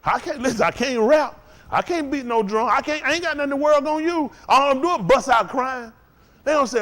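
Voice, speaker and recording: A male preacher delivering an impassioned sermon in a folksy, repetitive cadence, swinging from shouted peaks to low, intense murmurs as the congregation answers. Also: lively intonation, brisk. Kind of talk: impassioned sermon with call-and-response. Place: house of worship.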